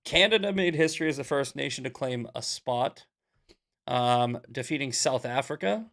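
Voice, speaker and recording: A young adult man hosting a casual commentary show, blunt and sarcastic, telling stories in an animated way. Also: mid-range voice, moderate pace, gravelly. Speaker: podcast host. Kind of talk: casual commentary, reading questions.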